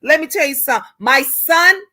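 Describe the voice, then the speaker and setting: A woman's voice: high-pitched, animated, a little fast, sharp tone. A woman hosting a live stream, ranting in a fiery, preachy way and repeating rhetorical questions to her viewers. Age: older.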